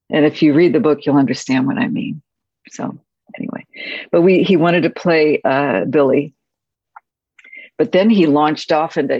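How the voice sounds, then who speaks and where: A woman screenwriter reflecting on a film shoot, speaking softly and haltingly, with many pauses and restarts. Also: deep voice, no room sound. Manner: soft-spoken, halting, with frequent pauses and restarts. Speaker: screenwriter guest. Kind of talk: reflective anecdotal storytelling. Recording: dull, muffled audio.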